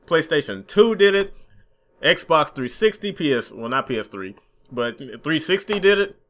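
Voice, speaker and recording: A man's voice: fairly high pitch, a bit bright. A young man in a gaming commentary vlog, frustrated and profane, mocking the companies as he rants. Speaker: gaming YouTuber.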